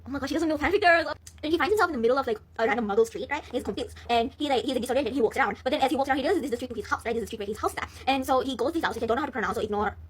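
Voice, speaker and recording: A woman's voice: high voice, very fast, slightly rough. A young woman rambling casually as she retells a story, with lots of fillers, swearing and laughter. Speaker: vlogger.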